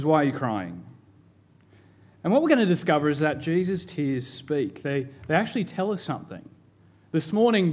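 A man in his thirties, a pastor, preaching a sermon in a measured, emphatic way with rhetorical questions. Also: on the high side.

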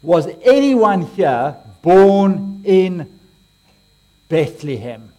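A man's voice: high voice, very animated, drawn-out words, dark tone. A man with an Australian accent giving a playful, interactive sermon, joking with and quizzing his congregation. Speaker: preacher.

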